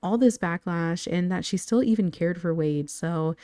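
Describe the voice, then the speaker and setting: A woman's voice: lowish voice, moderate pace, warm tone, no echo, clean studio sound. A woman narrating a life-sim game story in a chatty, casual way, talking straight to her viewers. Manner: chatty, addresses viewers directly.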